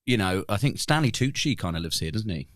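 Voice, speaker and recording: Easygoing London co-host, slight Cockney, low and dry. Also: male voice, very animated, fast talker, fairly bright tone, no echo. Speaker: podcast co-host. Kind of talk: casual chat.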